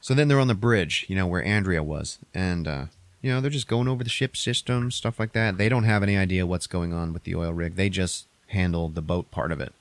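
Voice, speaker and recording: A man's voice: deep voice, a little fast, no echo. A man casually recapping a movie on a podcast, rambling and profane, acting out characters' lines in a raised voice.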